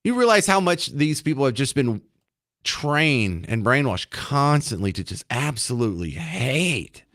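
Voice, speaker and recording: Casting: male radio host, mid-pitched, sarcastic and mocking studio monologue. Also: very animated, measured pace, a bit bright.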